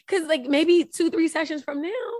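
A woman's voice: very high-pitched, normal speed, a little mellow, dry recording, clean studio sound. A woman therapist hosting a podcast, chatting casually, encouraging and laughing often. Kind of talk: casual chat.

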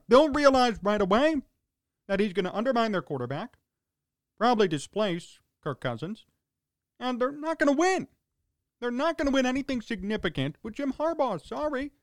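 A man's voice: very high voice, big pitch swings, moderate pace, no echo. A man hosting a sports talk radio show, ranting in a sarcastic, exasperated way in short punchy fragments.

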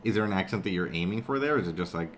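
Very deep-voiced man asking questions. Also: lively intonation, rapid-fire, slight background noise. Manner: curious, asks questions. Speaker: podcast co-host. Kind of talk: casual book discussion.

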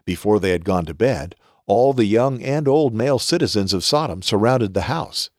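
A man hosting a podcast, reading scripture aloud in a measured, expressive way. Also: lowish voice, dry recording, clean studio sound.

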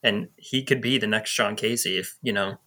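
Young guy guest, bright voice, chatty, does little quote voices. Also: on the low side, moderate pace. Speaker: podcast guest. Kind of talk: casual movie discussion.

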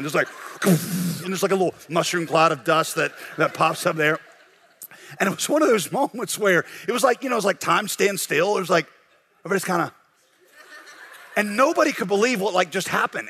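A man delivering a sermon from the pulpit, telling a story with big swings in his voice. His voice sits fairly high, and he acts out the lines he quotes. He brings it down low and earnest when he draws the lesson. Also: sharp tone. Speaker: pastor.

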